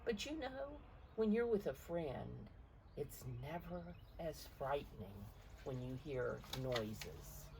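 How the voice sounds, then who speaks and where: A woman reading a picture book aloud to preschoolers, gentle and expressive, pausing to point out the pictures. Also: low voice, gravelly, background noise. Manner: gentle, expressive storytelling voice with pauses to explain pictures. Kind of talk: storytime read-aloud.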